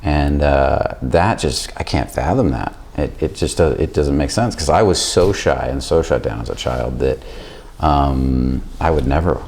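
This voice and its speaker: A man's voice: extremely low pitch, unhurried, hardly any pauses, a little mellow. A man hosting a casual interview, talking in a rambling way with restarts. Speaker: podcast host.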